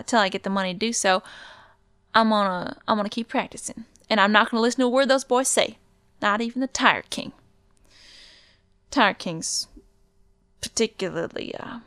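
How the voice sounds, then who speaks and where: A woman's voice: mid-range voice, gravelly, a bit bright, no echo, clean studio sound. A woman with a Southern US accent playing a snooty, rambling teenage girl set on becoming a princess. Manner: chatty, rambling, defiant. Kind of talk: improvised comedy character.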